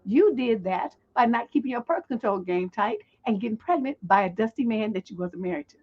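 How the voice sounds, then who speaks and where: A woman's voice: fairly high pitch, animated, brisk, highs cut off. A woman relationship coach hosting a livestream advice show, blunt, profane and scolding as she answers a viewer's letter.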